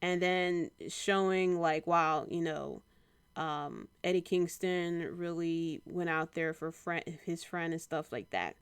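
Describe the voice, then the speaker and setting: A young woman hosting a podcast, giving a casual solo review in a chatty way with many fillers and animated quotes. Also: on the low side, slow, clear, resonant tone, no room sound. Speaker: podcast host reviewing wrestling.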